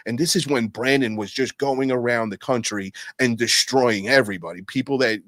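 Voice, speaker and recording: A man in casual podcast chat, swearing freely and calling everyone bro. His voice sits in a middle register but leaps high when he acts out what others said. The sound is dry and close. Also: normal speed, no echo. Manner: profane, animated, peppers speech with "bro". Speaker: guest telling stories.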